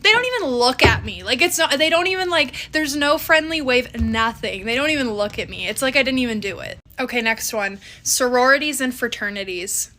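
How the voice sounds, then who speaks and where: A woman's voice: high voice, expressive, fairly quick, few pauses, sharp tone. A young woman from Canada, chatting to camera as a vlogger in a casual, exasperated way. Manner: chatty and exasperated, with mocking quoted voices. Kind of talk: casual talking-to-camera commentary.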